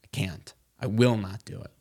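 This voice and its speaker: A man's voice: on the low side, fairly even intonation, normal speed, creaky, a little mellow, husky. Rambling man telling a story. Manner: rambling storyteller, many fillers and restarts. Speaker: guest. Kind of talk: casual chat.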